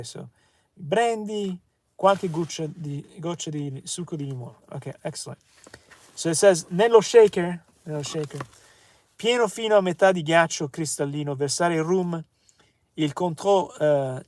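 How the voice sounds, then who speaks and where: A man reads cocktail recipes aloud with a fairly high voice, tripping over the words and correcting himself as he goes. He slows down to sound out foreign terms between his ums. The recording is dry and close, with no room sound. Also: no room sound. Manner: reads recipes haltingly, with fillers and self-corrections. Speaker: comedy channel host. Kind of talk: casual reading of a cocktail book aloud.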